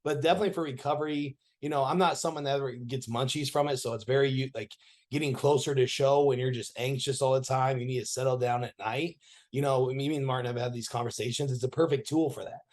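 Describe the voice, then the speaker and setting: A man's voice: medium pitch, steady tone, quick pace, darkish tone. A man with an American accent, a podcast guest talking frankly and loosely, with many fillers. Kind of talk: casual chat.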